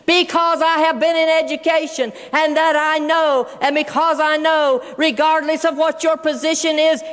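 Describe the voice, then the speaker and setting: A woman tells a funny true story to a big audience and keeps calling them folks. Her voice sits high. It echoes with a long reverb through a large auditorium. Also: flat delivery, normal speed, few pauses, a bit bright. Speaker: keynote speaker. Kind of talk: humorous storytelling speech.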